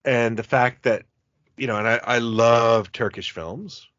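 A man's voice: mid-range voice, fairly even intonation, measured pace, fairly bright tone, dry recording. A man hosting a casual chat about cult films, telling enthusiastic, rambling stories. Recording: dull, dry lo-fi recording.

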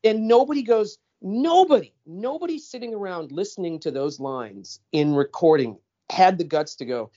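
A man's voice: high voice, lively intonation, normal speed, few pauses, mellow, dull audio. A man co-hosting a casual film chat, ranting with many stammered restarts. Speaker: podcast co-host.

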